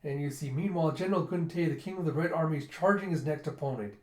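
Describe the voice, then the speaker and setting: A man's voice: a little high, fast talker, echoey room. A man in a casual comic readthrough, retelling the story and acting out characters' lines. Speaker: book reviewer.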